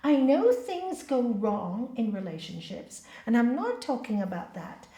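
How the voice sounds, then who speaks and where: A woman giving a spiritual talk as a yoga teacher, telling stories in an animated, emphatic way and acting out the people she quotes. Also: fairly high pitch, a little slow. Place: hall. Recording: echoey hall.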